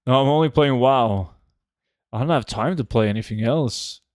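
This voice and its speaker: A man, streaming a game and chatting casually with viewers, relaxed and full of fillers. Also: medium pitch, normal speed, no room sound, studio quality. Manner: relaxed, answers chat with many fillers. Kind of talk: casual live-stream chat.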